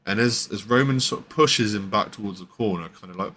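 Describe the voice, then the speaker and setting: A man's voice: fairly low pitch, a little fast, pushed and bright, slight background noise. A male podcast host giving a casual, rambling recap with many fillers and restarts. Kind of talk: casual wrestling show recap.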